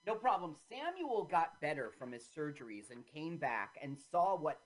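A woman hosting a casual talk show, retelling an old film with animated voices for the characters. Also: low voice, normal speed. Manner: animated storyteller, acts out quotes in loud voices. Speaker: podcast host.

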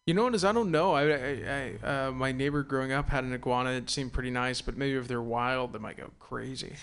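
A man's voice: medium pitch, brisk, fairly bright tone, a little hiss or hum. A young man hosting a casual radio show, rambling and hesitant with lots of fillers.

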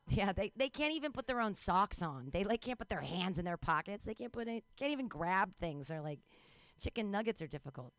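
A young woman doing a rambling, self-mocking stand-up set at an outdoor show, breaking into high-pitched mock panic. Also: dry recording. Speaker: stand-up comedian.

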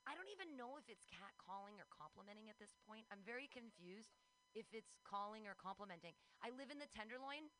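A woman's voice: mid-range voice, expressive, brisk, pushed and bright, soft background music, low-quality recording. A woman performing a playful, self-mocking stand-up comedy set at an outdoor show.

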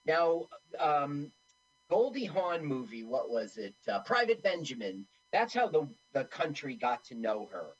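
A woman's voice: low-pitched, sing-song, unhurried, slightly rough, muffled recording. A woman co-hosting a radio show, recounting a movie plot in a matter-of-fact, critical way. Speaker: radio co-host. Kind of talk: casual film-talk chat.

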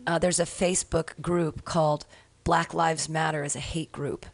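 A woman's voice: low voice, flat delivery, moderate pace, gravelly. A woman hosting a casual talk radio show, chatting, reading items aloud and adding indignant asides. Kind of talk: casual chat.

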